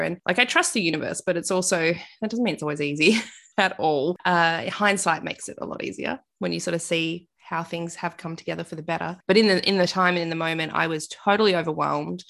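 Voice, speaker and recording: A woman's voice: lowish voice, creaky, a bit bright. A woman in her thirties, a guest candidly recounting a hard first year of motherhood and quoting her own inner thoughts. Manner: emotional, fast-paced recounting with quoted inner thoughts. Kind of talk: candid personal storytelling.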